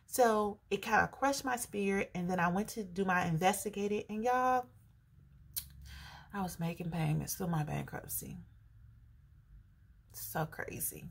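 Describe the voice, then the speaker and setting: A woman with a gravelly, slightly husky voice chats straight to her viewers in a vlog. She tells her story with lots of energy and plays out both sides of her phone conversations as she goes. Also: medium pitch. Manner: animated, acts out both sides of phone calls. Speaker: personal finance vlogger. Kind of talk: casual storytelling to camera.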